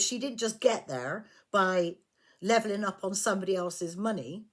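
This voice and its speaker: A woman giving a tarot reading, blunt and emphatic, swearing freely as she lays out the cards. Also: medium pitch. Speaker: tarot reader.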